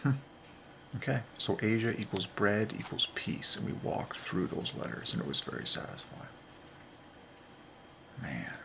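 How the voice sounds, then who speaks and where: A man hosting a religious monologue, excitedly working through letter counts and dropping into whispers to stress a point. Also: fairly low pitch, a little slow, vocal fry, pauses often, slight background noise. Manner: excitable, drops into whispers for emphasis. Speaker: channel host.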